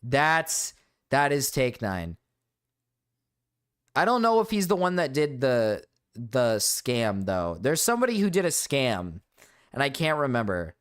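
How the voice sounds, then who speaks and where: A male streamer talking off the cuff in a casual, rambling style, with plenty of fillers and blunt profanity. His pitch sits in the middle of the range but swings around a lot as he talks. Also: sing-song, measured pace, fairly bright tone, clear, resonant tone. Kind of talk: casual livestream chat.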